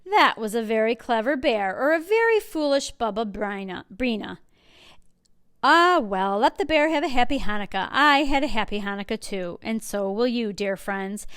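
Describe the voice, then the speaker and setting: A cheerful old grandmother from a storybook, chatty and kindly, fussing over her guest and scolding gently, as a woman reading aloud voices her. Her voice sits a little high. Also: expressive, moderate pace, smooth. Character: kind, cheerful old grandmother hosting a holiday dinner. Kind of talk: picture book read aloud.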